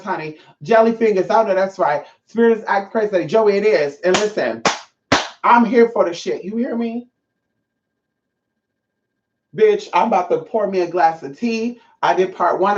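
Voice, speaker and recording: A woman's voice: medium pitch, a little mellow, muffled recording. A woman hosting a livestream from home as a spiritual teacher. She talks in a casual, sassy and emphatic way and swears freely.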